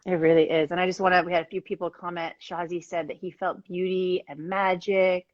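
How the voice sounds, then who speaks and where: Host, woman, low-pitched, chatty with filler words, on a video call with dull lo-fi dry sound. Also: flat delivery, fairly quick, no echo. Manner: bubbly, frequent "like" and "um" fillers. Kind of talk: live-streamed casual interview.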